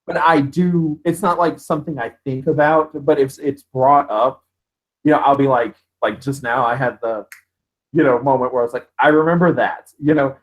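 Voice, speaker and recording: A man co-hosting a live show, chatting casually in an animated way and laughing easily. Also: medium pitch, normal speed, low-quality recording. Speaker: co-host. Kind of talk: casual live-stream chat.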